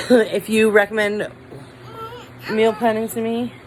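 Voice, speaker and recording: A woman's voice: a little high, flat delivery, slow pace, soft background music, low-quality recording. A woman vlogging at home into her camera, a mother chatting casually and rambling with lots of "like" fillers. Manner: rambling, heavy use of "like" fillers.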